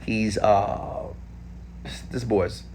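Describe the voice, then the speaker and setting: A man in his thirties from Houston, Texas, answering viewer questions in a casual live stream, animated and talking straight to viewers. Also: on the low side, very slow, a little hiss or hum. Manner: animated, talks straight to viewers with frequent "okay?".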